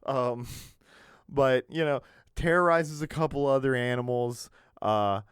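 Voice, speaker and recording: A man's voice: medium pitch, a little slow, clear, resonant tone, dry recording, studio quality. A man hosting a casual podcast, rambling with lots of fillers and chuckles, into a podcast mic. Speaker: podcast host.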